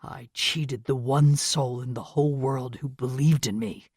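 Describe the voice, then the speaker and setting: A woman voicing a remorseful, guilt-ridden young man in an audiobook, speaking low, hushed and pained. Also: fairly even intonation, unhurried, creaky, breathy edge, no echo, studio quality, exaggerated voice. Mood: anguished. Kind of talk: audiobook character reading.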